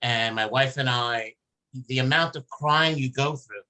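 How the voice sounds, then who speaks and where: A man hosting a casual podcast chat, telling an emotional personal story. His pitch sits in the ordinary middle for a man, and he rambles and restarts as he goes. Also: unhurried, pushed and bright. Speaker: podcast host.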